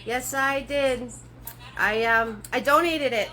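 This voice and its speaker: A woman's voice: fairly high pitch, slow pace, sharp tone. A woman running a live-stream painting class, chatty and often laughing, greeting her viewers by name in a sing-song voice. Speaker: painting instructor.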